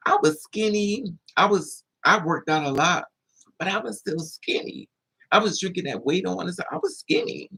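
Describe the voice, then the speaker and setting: A husky, breathy voice tells a story straight to camera in a loose, casual way. The delivery is animated: the quotes of other people jump into high, squealing voices, then drop back to a middle-pitched, easy narrating tone. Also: moderate pace. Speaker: vlogger.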